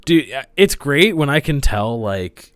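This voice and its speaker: A man's voice: medium pitch, big pitch swings, unhurried, no room sound. A man co-hosting a casual podcast chat, laid-back and rambling, swearing casually. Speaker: podcast co-host.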